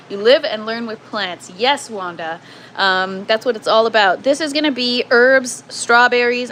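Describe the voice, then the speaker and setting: Speaking at medium pitch with a slightly bright tone, this Canadian woman runs a casual gardening livestream from her indoor grow tent. She's chatty and self-deprecating, reading viewer comments aloud and responding to them. The low-quality recording has a little hiss or hum.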